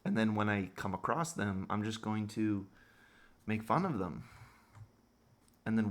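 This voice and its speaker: A man's voice: fairly low pitch, a little slow, long pauses. A man delivering a crude, sarcastic monologue rant as a vlogger.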